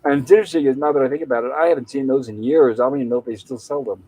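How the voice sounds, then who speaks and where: A man's voice: mid-range voice, fairly even intonation, rapid-fire, warm tone, no room sound, rough recording. A man casually retelling a TV episode scene by scene as a podcast co-host, quoting its lines in his own plain voice.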